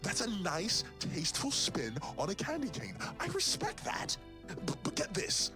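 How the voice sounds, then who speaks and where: A man voicing a casual, opinionated monster in a game, ranting with mock seriousness and leaping up in pitch for emphasis. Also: wildly swooping pitch, moderate pace. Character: rambling casual male monster, easygoing and opinionated. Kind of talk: game character dialogue. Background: game music.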